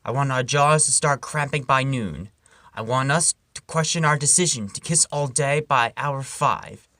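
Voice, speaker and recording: A channel host reading comic poems aloud in a playful, animated way, with sudden loud and whispered turns. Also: medium pitch, normal speed, dry recording, studio quality.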